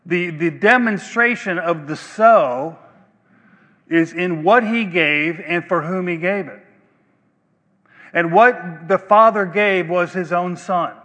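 Pastor, male, slightly high voice, deliberate emphatic delivery, church hall reverb. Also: sharp tone. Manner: slow, emphatic preaching with long pauses. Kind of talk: sermon. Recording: long reverb of a large hall.

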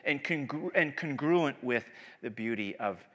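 Animated preacher in a reverberant hall. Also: male voice, mid-range voice, measured pace. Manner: animated, emphatic, with frequent restarts and swings from loud to soft. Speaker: pastor. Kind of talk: sermon.

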